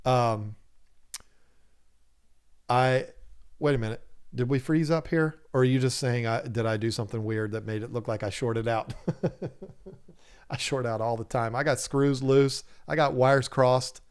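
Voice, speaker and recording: Laughing a lot and speaking animatedly, a man hosting a casual aquarium-channel livestream reads chat comments aloud and jokes with viewers. He has a clean, medium-pitched voice with fairly even intonation, a measured pace and long pauses.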